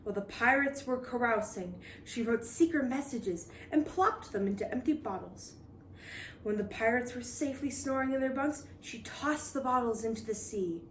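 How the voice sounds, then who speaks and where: Brief: storybook reader, woman, bright higher voice, expressive, roomy echo. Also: normal speed, distant mic, a little hiss or hum. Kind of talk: reading a children's picture book aloud.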